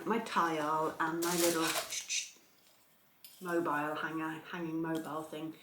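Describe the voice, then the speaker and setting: A woman's voice: on the low side, roomy sound, noisy background. A woman vlogging as she unboxes a gift, chatting casually, gushing and laughing often. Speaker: soap maker vlogger.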